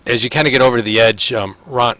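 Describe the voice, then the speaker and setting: A man's voice: mid-range voice, sharp tone, no echo. A man running a tabletop game as game master, narrating casually with lots of fillers. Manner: easygoing, many fillers, quick voices for figures.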